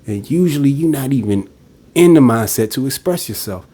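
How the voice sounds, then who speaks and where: His voice is mid-range, mellow and husky, and he's animated while keeping a normal pace. As a podcast host venting in a casual monologue, he's blunt, direct, and performs quoted voices.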